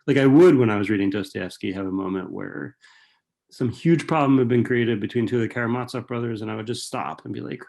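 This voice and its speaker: Gravelly-voiced man, rambling and casual. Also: mid-range voice, fast, a little mellow. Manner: rambling, filler-heavy, frequent rhetorical "right?". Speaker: author and writing professor. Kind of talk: casual talk answering audience questions.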